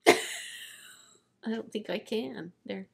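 A woman in casual on-camera chat, tired, playful and quick to giggle. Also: mid-range voice, vocal fry, breathy edge. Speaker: co-host of makeup channel collab.

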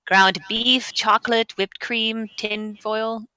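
A woman's voice: on the high side, steady tone, slow pace, pushed and bright, clean tone, rough recording. A woman voicing a German housewife in her mid-twenties who loves cooking, in a put-on German accent and a comic, earnest reading. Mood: chirpy. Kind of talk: comic reading of a recipe blog.

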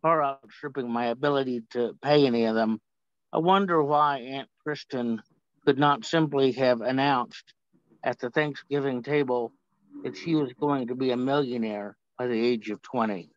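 A man's voice: mid-range voice, moderate pace, dry recording, dull audio. A man reading his poem at an online open mic, with wry, rambling asides. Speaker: poet. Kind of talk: poetry reading. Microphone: video call.

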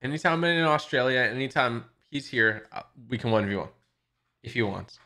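A man's voice: mid-range voice, animated, a little fast, bright, forceful tone. Playful man streaming a game. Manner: playful and joking, scats nonsense syllables. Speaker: gaming livestream host. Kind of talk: casual gaming stream chat.

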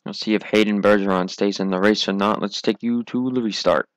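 A man's voice: fairly low pitch, brisk, no echo. A young man giving solo play-by-play commentary on a sim racing league, running through positions and replays. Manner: calls positions and replays, rising excitement at restarts.

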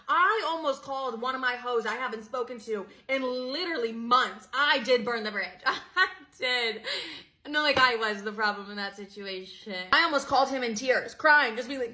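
A woman's voice: a little high, normal speed. A young woman ranting bluntly to camera in a casual storytime vlog, swearing often and talking animatedly. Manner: blunt, heavily profane, animated. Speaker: vlogger.

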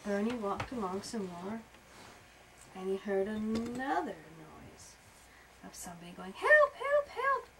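A woman improvising a story for a young child at home, animated, with playful sound effects and soft asides. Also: medium pitch, measured pace, long pauses, slight background noise, poor audio.

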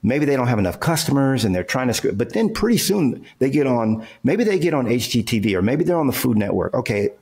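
A man's voice: medium pitch, big pitch swings, fast talker, few pauses, darkish tone. A man who is a real estate entrepreneur and coach, guest on an interview, explaining his ideas emphatically in casual talk with everyday examples and frequent checks like "okay" and "right".

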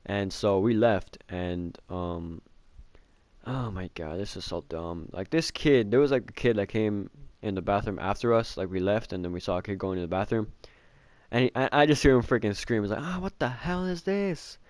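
A man's voice: fairly low pitch, normal speed, a little mellow, dry recording. A young man telling a casual storytime about his childhood, rambling with lots of filler words and swearing, mocking himself. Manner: self-mocking. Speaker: vlogger.

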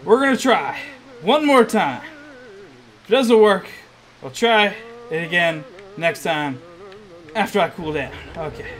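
A man's voice: high voice, lively intonation, a little slow, long pauses, fairly bright tone, slight background noise, poor audio. A man hosting a let's play, commenting on his gameplay and groaning in frustration as he keeps failing. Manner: frustrated, groaning and muttering at the game.

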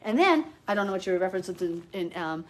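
A woman's voice: lowish voice, sing-song, fast talker. A woman giving a live-streamed Bible teaching, fervent and emphatic, arguing her points with rising intensity. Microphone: phone or webcam, live stream.

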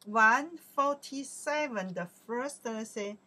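Woman teacher, bright voice, breathy, slow drilling of words, loud rises on each term. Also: on the high side, lively intonation. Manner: slow, repeats each word, swings up loudly on the Chinese words. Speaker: Chinese teacher. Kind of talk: vocabulary lesson.

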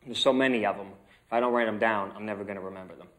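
A man's voice: on the low side, very fast. Chatty man telling a family story. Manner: rambling, chatty, with fillers. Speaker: acting student. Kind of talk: telling a personal story in class.

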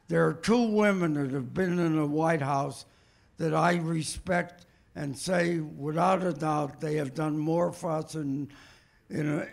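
An older male comedian reminiscing in an interview, telling anecdotes warmly with frequent repetition. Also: on the high side. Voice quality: gravelly. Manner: warm anecdotal storytelling, repeats himself.

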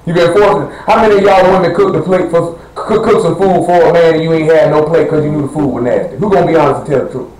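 A man's voice: on the high side, steady tone, quick pace, few pauses, a little mellow, roomy sound, rough recording. A man preaching a sermon to his congregation in a blunt, conversational way, questioning the listeners directly. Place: church assembly hall.

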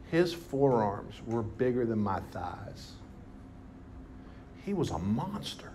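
A man preaching to his congregation, telling his story with lively bursts of emphasis. His voice sits in an ordinary middle range. A faint room hum runs under his words. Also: mid-range voice, takes it slowly. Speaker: pastor. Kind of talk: sermon. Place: church hall with congregation.

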